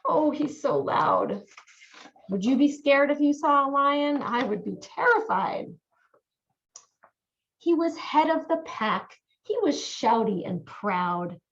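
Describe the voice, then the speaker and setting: A woman reads a children's picture book aloud in an animated voice and keeps asking the young listeners what they think. Her voice is high and swoops widely as she reads slowly. The audio sounds dull and lo-fi. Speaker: volunteer reader.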